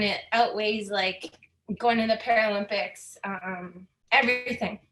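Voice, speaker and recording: Bright-voiced woman telling her story. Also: medium pitch, steady tone, a little slow, echoey room. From Saskatchewan, Canada. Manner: candid, chatty, laughs often, emotional at times. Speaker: guest speaker. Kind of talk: personal storytelling talk.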